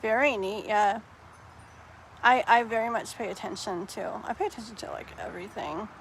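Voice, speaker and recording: A woman's voice: medium pitch, normal speed, gravelly, a little hiss or hum. A woman doing a live tarot reading, chatting casually and rambling, with lots of "like" and "um" fillers. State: tearful while telling a sad story. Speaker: tarot reader.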